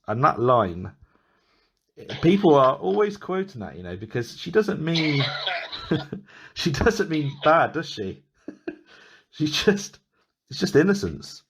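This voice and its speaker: A man's voice: on the high side, big pitch swings, slow pace, pauses often, breathy edge. A man hosting a podcast, chatting casually and rambling with many restarts and small laughs. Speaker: podcast host. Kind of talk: casual chat.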